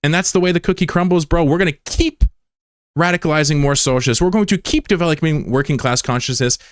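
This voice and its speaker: A man's voice: on the high side, fast, dry recording, studio quality. A man from the United States, a livestreamer in casual chat, taunting and combative with a viewer and swearing freely.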